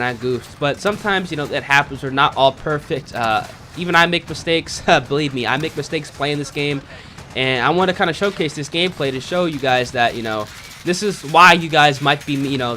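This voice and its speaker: A man talking through his own gameplay in a loose, self-critical way, with a bright, forceful tone and a voice that sits a bit high for a man. Faint noise lies under his voice. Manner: casual, self-critical, frequently says "man" and "you know". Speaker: gaming video creator. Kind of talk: gameplay commentary.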